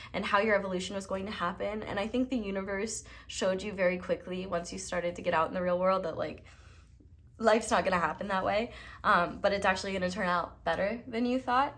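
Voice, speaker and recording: A young woman giving a casual, encouraging tarot reading straight to her viewers, talking warmly and loosely with plenty of "like" and "um". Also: medium pitch. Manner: chatty, encouraging, lots of fillers like "like" and "um". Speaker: tarot reader.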